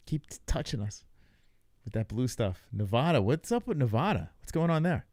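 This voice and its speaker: A young man hosts a live stream, reacting to results with loose, joking chatter and talking to his chat. His medium-pitched voice swings widely in pitch, unhurried and a little mellow, with frequent pauses. The recording is studio quality with no room sound.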